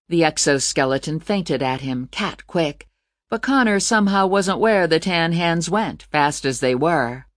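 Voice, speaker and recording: An audiobook narrator reading a novel in measured, scripted narration. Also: mid-range voice, no echo, clean studio sound.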